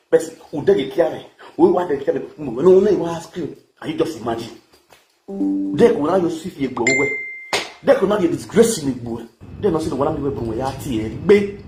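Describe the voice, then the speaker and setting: A male vlogger with a Nigerian accent delivers an angry commentary, scolding and insulting in a heated rant. His voice is on the high side with a dark tone, recorded in an echoey room with faint background noise.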